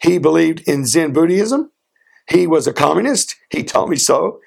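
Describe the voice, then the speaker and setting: A man preaching a sermon, earnest, asking rhetorical questions and slowing down for emphasis. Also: on the high side, lively intonation, vocal fry. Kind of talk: sermon with a personal story.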